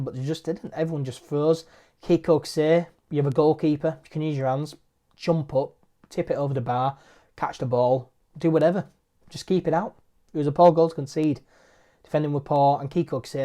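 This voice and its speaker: A man's voice: medium pitch, warm tone. A man hosting a football match review vlog, frustrated and repeating his points for emphasis. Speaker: football fan channel host.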